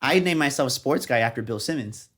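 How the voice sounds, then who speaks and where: Fast-talking young man telling stories. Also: mid-range voice. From San Antonio, Texas. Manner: animated, acts out quotes of others. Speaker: guest, journalist. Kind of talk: casual storytelling interview.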